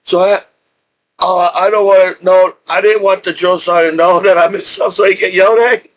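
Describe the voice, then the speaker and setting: A man's voice: high-pitched, steady tone, fairly quick. A middle-aged man telling a rambling story about his own past, with many restarts and laughs. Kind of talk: casual storytelling.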